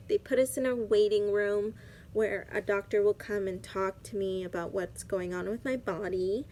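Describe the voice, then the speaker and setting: A young woman vlogger telling a personal story in a casual, chatty way, full of "like" fillers. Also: fairly high pitch.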